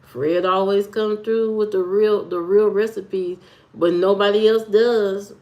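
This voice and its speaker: A woman's voice: medium pitch, fairly even intonation, a little slow, darkish tone. A woman live streaming from home, chatting loosely with viewers and reading their comments in a rambling, talkative way. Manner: rambling, loose and talkative, with frequent fillers and repeats. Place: at home, indoors.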